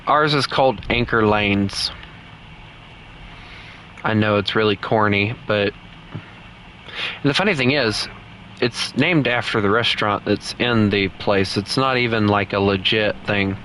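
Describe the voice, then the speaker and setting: Slow-talking man gaming. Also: lowish voice, slight background noise, rough recording. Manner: loose, rambling, swings into loud frustrated outbursts. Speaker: gaming streamer. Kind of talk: casual gameplay commentary.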